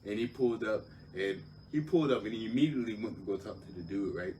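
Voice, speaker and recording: A man telling a story in casual chat, animated and profane, heard slightly off mic. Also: lowish voice, quick pace, distant mic, slight background noise. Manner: animated, profane, acts out other voices. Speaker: podcast guest, older brother.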